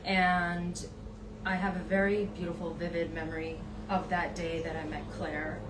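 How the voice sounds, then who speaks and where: A woman hosting a casual live wellness chat, talking gently and unhurriedly with many ums. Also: on the low side, level tone, moderate pace, background noise. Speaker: host. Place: in Vancouver. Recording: echoey room, voice from a distance.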